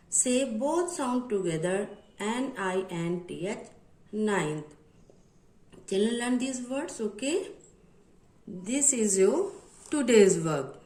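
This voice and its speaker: A woman leads a children's phonics drill at a very slow, careful pace. Her voice sits a little high and moves lively up and down as she spells each word out letter by letter. The sound carries a clear echo from the room. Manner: repetitive, instructive drill. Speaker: teacher.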